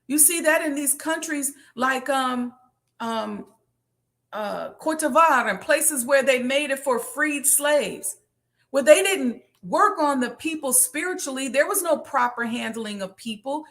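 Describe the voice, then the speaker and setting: A woman's voice: high voice, a bit bright. A woman hosting a business question show, talking in an impassioned, preachy monologue and repeating phrases for emphasis.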